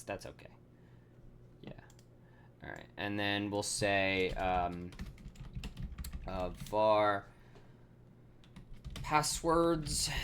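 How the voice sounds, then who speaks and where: A man's voice: lowish voice, noisy background. A man thinking aloud as he codes on a live stream, full of fillers and self-corrections, swearing casually and laughing at himself.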